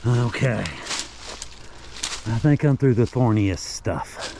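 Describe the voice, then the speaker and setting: Slow, folksy man outdoors. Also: medium pitch, animated, background noise. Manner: rambling, folksy, with restarts. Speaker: vlogger exploring local history sites. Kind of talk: walking vlog narration. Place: outdoors, on a rural hillside.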